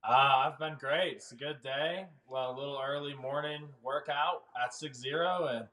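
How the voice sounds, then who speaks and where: A teenage boy, a high school athlete, giving easygoing answers in an interview. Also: normal speed, fairly bright tone. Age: teens. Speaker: guest athlete.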